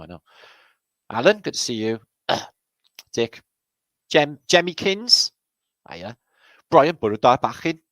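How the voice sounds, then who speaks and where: A man from Wales, speaking with a Welsh accent in a mid-range voice with no echo, hosts a casual livestream. He greets viewers by name, trading jokey, sweary banter.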